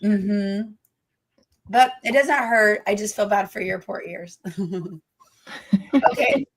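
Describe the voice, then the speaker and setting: Woman teacher, hoarse, gravelly voice, gushing livestream host. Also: medium pitch, fairly even intonation, slow. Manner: gushing, affectionate to viewers. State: hoarse from damaged vocal cords. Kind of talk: casual livestream chat.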